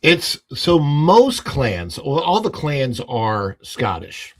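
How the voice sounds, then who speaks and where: A man's voice: medium pitch, huge pitch swings, slow pace. A man hosting a casual livestream podcast, rambling and full of fillers and restarts, often laughing at his own stories.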